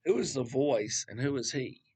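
A man of middle pitch teaching from scripture in a loose, chatty way. He wanders into asides and throws out rhetorical questions as he talks. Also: expressive, moderate pace, a little mellow, slightly rough. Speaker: Bible teacher. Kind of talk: casual Bible teaching.

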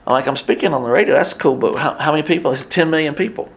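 A man's voice: fairly high pitch, rapid-fire, vocal fry. A man preaching a sermon, telling a story with acted-out quotes and sudden drops to near whispers. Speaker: pastor.

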